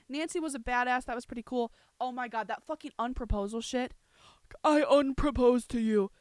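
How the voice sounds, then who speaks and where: A woman hosting a podcast, ranting heatedly, swearing freely and breaking into shouts. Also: high voice, dry recording. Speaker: podcast host. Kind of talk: casual ranting commentary.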